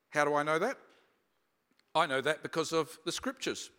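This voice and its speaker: A man preaching a sermon, telling personal stories in a reflective manner and slowing down for emphasis. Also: on the high side, bright, forceful tone, smooth. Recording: long reverb of a large hall.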